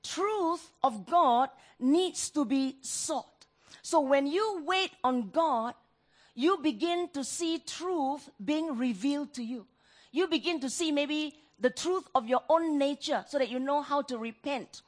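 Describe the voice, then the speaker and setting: A woman preaching a sermon, rising to loud, pleading tones when she voices prayers. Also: slow. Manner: impassioned, rises high and loud when voicing prayers.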